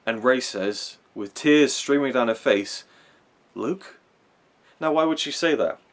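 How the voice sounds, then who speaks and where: A man's voice: mid-range voice, moderate pace. A man hosting a film review channel, talking in a casual, rambling way and often repeating or restarting words. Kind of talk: casual fan commentary countdown.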